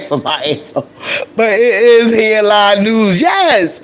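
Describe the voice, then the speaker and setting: A woman's voice: mid-range voice, sing-song, slow pace. A woman with a nasal voice hosting a live stream of casual celebrity gossip, brash and profane, laughing often. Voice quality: nasal, allergy-stuffed voice.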